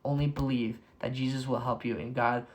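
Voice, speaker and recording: An enthusiastic young man talks through a Bible passage in a casual devotional, with a mid-range voice. He fills his talk with "like" and keeps getting carried away with excitement. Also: medium pitch, a little fast. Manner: excitable, heavy use of "like", bursts of enthusiasm. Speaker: devotional speaker.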